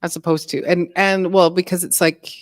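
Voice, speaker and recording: A woman chatting casually as a guest, telling rambling stories in a relaxed way. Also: on the low side, moderate pace, no echo, studio quality. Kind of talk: casual chat.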